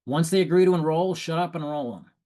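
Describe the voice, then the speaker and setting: A man giving sales coaching tips in a lively, animated way, acting out prospects' lines and laughing at his own stories. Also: on the high side, fast. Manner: animated, acts out prospects and quotes. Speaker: sales trainer. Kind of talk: coaching talk.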